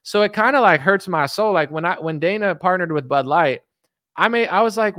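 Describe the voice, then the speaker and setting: A man's voice: high voice, expressive, a little fast, pushed and bright, dry recording, studio quality. A man ranting sarcastically on a casual livestream as a political commentator, rambling with constant fillers.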